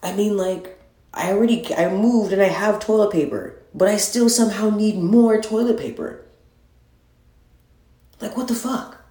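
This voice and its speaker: In a recently moved-into apartment with little furniture, the echoing bare room carries a podcast host's solo rant. He sounds exasperated, profane and rambling, with a mellow, medium-pitched voice at a moderate pace.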